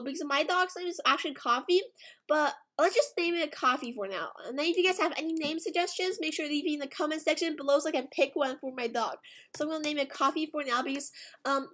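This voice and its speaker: High-voiced, excitable woman gamer. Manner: excitable, gasping, repeated exclamations. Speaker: gaming video creator. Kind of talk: gameplay commentary.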